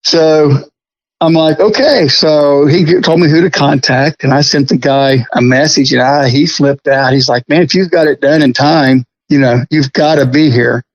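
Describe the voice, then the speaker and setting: A man's voice: a little high, fairly even intonation, normal speed, dry recording. Chatty folksy man, dry lo-fi sound. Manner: chatty, folksy, laughs often. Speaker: guest prop restorer. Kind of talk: casual storytelling interview.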